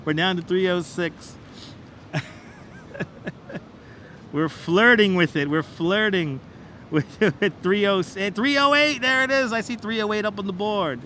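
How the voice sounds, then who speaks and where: A man streams live while walking a city bridge, his walking-tour commentary a playful, repetitive, chatty auctioneer routine that hypes like counts. He speaks at a measured pace and pauses often, his high voice bright and forceful. Outdoors, a wireless clip-on mic records him over faint traffic noise.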